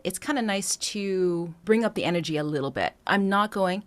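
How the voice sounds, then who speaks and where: Speaking quickly with few pauses, this medium-pitched woman coaches a singing student on breath choices. She explains, slips into quick sung demonstrations, and laughs softly now and then.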